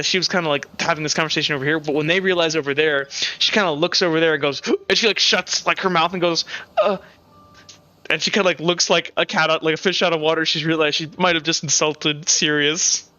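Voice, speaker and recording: Brief: loose, chatty game master narrating a live-streamed tabletop game, bright tone, slightly dull audio. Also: medium pitch. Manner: rambling, lots of "kinda" and "like".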